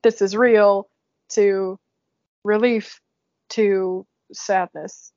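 A woman's voice: medium pitch, steady tone, very slow, darkish tone, dry recording. A young woman hosting a podcast, chatting casually and emotionally, laughing often. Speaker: podcast host. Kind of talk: casual chat. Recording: dull lo-fi sound.

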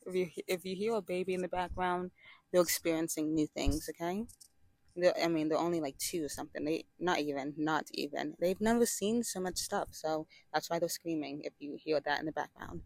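A woman's voice: low-pitched, steady tone, a little fast, a little mellow, no echo. A young woman giving a sassy, dramatic, rambling monologue to camera, full of asides and laughs. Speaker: vlogger. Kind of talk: casual opinionated monologue.

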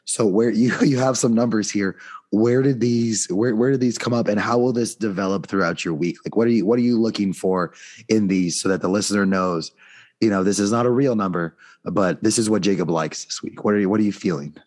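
A man hosting a casual sports betting chat, upbeat and leading the segments, his voice going hoarse. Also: lowish voice, fairly quick, a little mellow. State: losing his voice. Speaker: podcast host.

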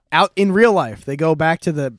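Laughing, rambling man with a higher voice. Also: no echo, studio quality. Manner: rambling plot recap, laughing often, frequent swearing. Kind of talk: casual chat.

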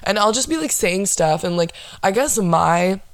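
A woman's voice: mid-range voice, expressive, moderate pace, no echo. A young woman hosting her own podcast, rambling in a dry, sarcastic, profane way. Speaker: podcast host. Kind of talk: casual solo podcast chat.

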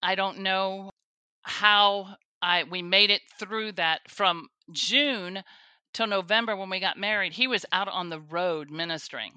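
A woman's voice: mid-range voice, fairly even intonation, a little slow, sharp tone, clean tone, no echo. A woman, a guest on a faith show, telling her own story earnestly, with restarts and the odd laugh. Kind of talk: personal testimony interview.

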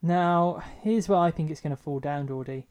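A man co-hosting a casual podcast chat with a dry, teasing, measured manner. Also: a little high, a little mellow, smooth. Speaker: podcast co-host.

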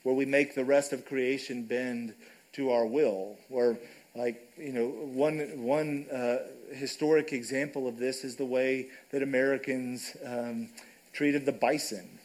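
A man's voice: medium pitch, rough recording. A man preaching a sermon in a church, conversational and casual, often checking in with the congregation. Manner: conversational, frequent "right?" asides. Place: church sanctuary.

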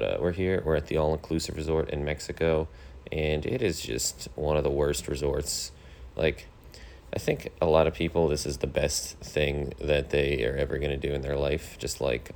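A thirty-year-old man hosting his own podcast, rambling through a casual monologue in a deadpan, complaining way, with lots of fillers. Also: a bass voice, vocal fry. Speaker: podcast host.

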